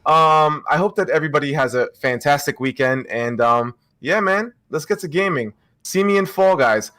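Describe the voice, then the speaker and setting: A man's voice: on the high side, normal speed, sharp tone, no room sound, clean studio sound. A man on a podcast panel, trash-talking and joking casually over a remote call. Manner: joking trash talk, playful boasting. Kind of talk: casual chat.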